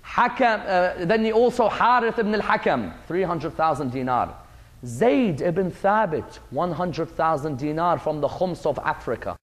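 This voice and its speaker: Man, religious lecture, fairly high pitch, emphatic repetitive storytelling. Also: unhurried, in a large hall.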